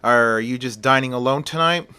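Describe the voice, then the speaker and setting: A man's voice: mid-range voice, moderate pace, pushed and bright, smooth, lightly acted. A man voicing a courteous restaurant maitre d' who speaks in a formal, deferential way.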